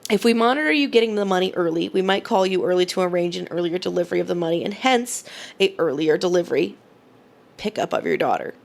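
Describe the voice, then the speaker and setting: Menacing kidnapper, played by a woman, slow deliberate reads, a touch of fry. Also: on the low side. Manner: slow, deliberate, mock-foreign delivery. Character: menacing kidnapper reading a ransom note.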